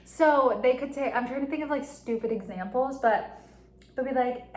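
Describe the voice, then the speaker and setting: Young woman vlogger, rambling confessional chat, slightly high voice, echoey room. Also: normal speed, darkish tone. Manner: rambling, heavy use of "like", frequent giggles. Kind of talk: casual confessional monologue. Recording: echoey room with faint ambient noise.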